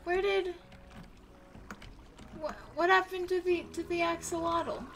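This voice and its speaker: A young woman livestreaming a game in casual chat, excitable and prone to gasping and squealing at what she finds. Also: extremely high pitch, slow pace, a little hiss or hum. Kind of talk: casual gaming stream chat.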